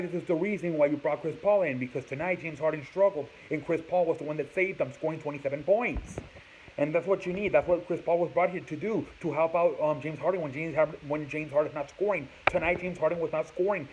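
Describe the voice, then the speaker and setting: A man hosting a casual sports show, rambling through his opinions with repetitions and cursing, recorded indoors on a laptop or phone. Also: on the high side. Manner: rambling, swears, repeats himself. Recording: dull lo-fi home recording with faint background noise.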